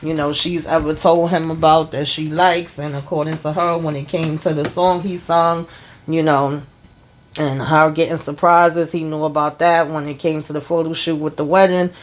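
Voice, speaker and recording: A woman's voice: low voice, level tone, normal speed, slight background noise. A woman hosting her own channel, chatting casually through an episode recap and retelling scenes with lots of "you know" and "she's like.". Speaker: TV show reviewer and channel host.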